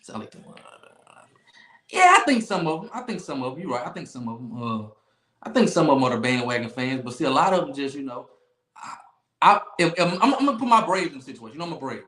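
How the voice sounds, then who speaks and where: A man hosting a sports talk stream, his fairly high voice swinging widely as he hammers his points. He repeats phrases and talks noise with big emphasis. The sound carries a roomy echo. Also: very animated, fast, sharp tone. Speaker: podcast host. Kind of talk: animated sports talk livestream.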